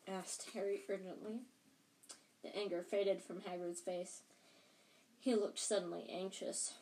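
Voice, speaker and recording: A woman reads a novel aloud slowly and plainly, now and then slipping and correcting herself. Her voice is mellow and warm. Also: medium pitch, rough recording. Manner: slow, with slips and restarts. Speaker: reader.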